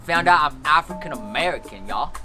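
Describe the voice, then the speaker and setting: A man's voice: a little high, expressive, brisk, loud music behind the voice, close to an everyday voice. A young man in a comedy sketch playing a white guy who puts on heavy street slang and swagger. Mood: proud.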